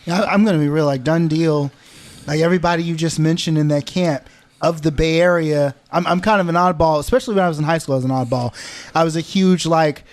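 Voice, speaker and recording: A man's voice: a little high, steady tone, fast, no echo. A man hosting a podcast, talking eagerly and stumbling over his first words. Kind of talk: casual podcast chat.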